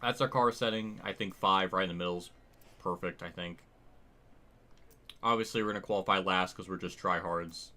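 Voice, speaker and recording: A man's voice: low voice, fairly even intonation, normal speed, pauses often, bright, forceful tone. A man livestreaming a sim-racing game, commenting casually and rambling, restarting his sentences and swearing now and then. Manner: rambling, casual, thinks aloud with frequent restarts.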